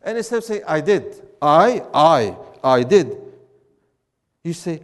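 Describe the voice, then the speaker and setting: A man, teaching a class in an emphatic, animated way and repeating his points. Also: on the high side, takes it slowly, in a large hall. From Syria. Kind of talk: classroom lecture with banter.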